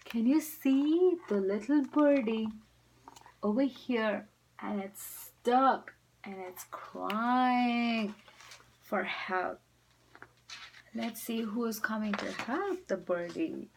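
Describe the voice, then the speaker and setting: A woman teacher reading a storybook aloud to children, expressive and speaking directly to them. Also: fairly high pitch, slow pace, slight background noise, low-quality recording.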